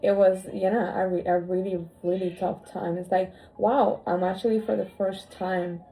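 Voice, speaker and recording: A woman telling a personal story in a heartfelt conversation, emotional and halting, often restarting her phrases. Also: medium pitch, little pitch movement, mellow, rough recording. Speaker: co-host sharing her story.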